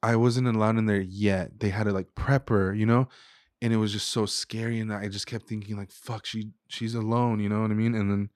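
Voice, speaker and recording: Male podcast guest, 30s, low voice, dry close sound, earnest and emotional, casual filler-heavy speech. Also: level tone, brisk, darkish tone, no echo. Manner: emotional, heartfelt, says "dude" and "like" a lot.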